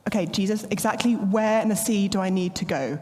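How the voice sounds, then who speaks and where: A woman's voice: mid-range voice, mellow, in a large hall, lightly acted. Woman putting on a fretful, fussy man. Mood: anxious, fussing. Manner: rushed, worried questioning. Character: fretful fussy adult man, anxious planner.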